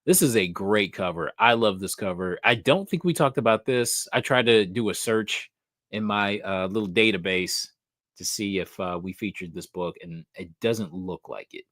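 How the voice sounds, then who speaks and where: A man hosting a casual live stream, thinking aloud, swearing casually and getting excited. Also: on the low side, normal speed, no echo, clean studio sound. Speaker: host of a comic book live show.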